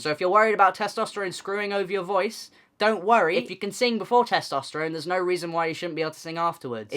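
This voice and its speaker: A man's voice: high-pitched, fairly bright tone. A young man vlogging in a casual, candid and self-deprecating way, chatting straight to camera.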